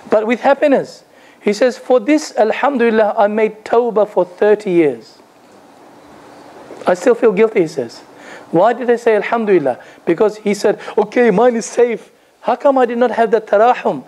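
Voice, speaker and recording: A man's voice: very high-pitched, darkish tone, poor audio. A man, an imam, giving a religious lecture to a gathering, telling stories and asking rhetorical questions with a touch of humor.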